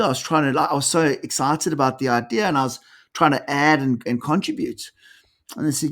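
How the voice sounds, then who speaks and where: A man's voice: mid-range voice, a little fast. Middle-aged man telling workplace stories. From South Africa. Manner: animated storyteller, acts out quoted dialogue. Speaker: executive coach guest. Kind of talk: conversational interview storytelling.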